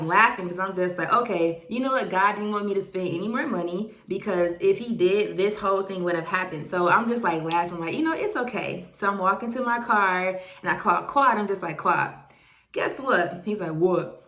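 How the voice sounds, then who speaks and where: A young woman vlogger telling a personal story in a casual, animated way and acting out the dialogue. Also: lowish voice. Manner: animated storytelling that acts out the quoted exchanges. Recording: echoey room.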